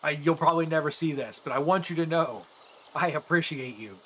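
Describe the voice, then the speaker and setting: A male streamer talks to his live chat as he plays, earnest and a little rambling, often restarting his sentences. His voice sits fairly high for a man. A faint hum of ambient noise stays under his voice. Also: a little fast, fairly bright tone. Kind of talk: casual chat with live viewers while gaming.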